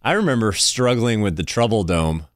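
A man's voice: on the low side, normal speed, no echo, studio quality. A man cohosting a podcast, recalling childhood games in casual banter. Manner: animated, laughing along. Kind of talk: casual chat.

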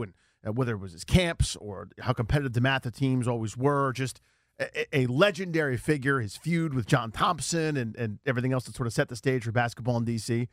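A man in his forties hosts a sports talk radio show. He tells stories in an animated, self-mocking way. The sound is close and dry, from a studio mic. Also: mid-range voice, no room sound. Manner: storytelling, self-deprecating, animated.

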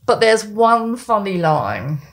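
A woman's voice: medium pitch, sing-song, slow. A woman co-hosting a casual chat podcast, blunt and opinionated, given to ranting. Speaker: podcast co-host, columnist.

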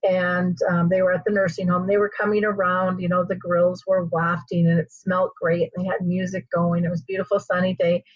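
A woman hosting an interview, an animated storyteller who uses frequent fillers, on a dull lo-fi recording. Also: on the low side, a little fast, hardly any pauses, dry recording. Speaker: host.

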